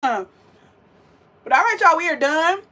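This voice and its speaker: A woman's voice: high-pitched, expressive, a little fast, fairly bright tone. A young woman, chatting sassily and directly to her viewers while cooking on a livestream. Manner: chatty, sassy, talks straight to viewers. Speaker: vegan cooking livestream host. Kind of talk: casual livestream cooking chat.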